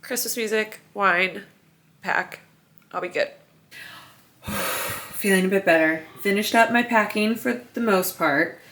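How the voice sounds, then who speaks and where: A woman in her thirties, a vlogger and mom, speaks slowly at a medium pitch with long pauses and a slightly bright tone. She's at home in her apartment mid-move, weary and overwhelmed, rambling in a tired, emotional, confessional vlog chat.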